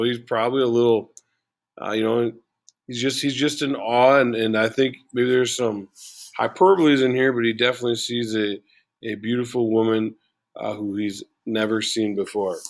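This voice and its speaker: Casting: relaxed male teacher, mid pitch, conversational, filler-heavy. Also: normal speed. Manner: chatty, lots of fillers like "you know" and "uh". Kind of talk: casual explanatory lesson.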